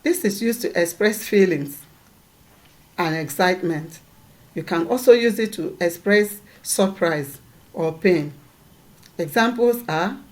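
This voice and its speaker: A woman teaching a lesson, patiently repeating points and checking that her students follow. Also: lowish voice. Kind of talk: classroom lesson.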